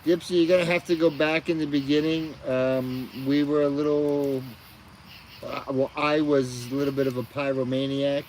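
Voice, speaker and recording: A man's voice: medium pitch, flat delivery, moderate pace, a little hiss or hum, low-quality recording. A middle-aged man hosting a casual live stream outdoors at night, sleepy and yawning as he chats with viewers, crickets behind him.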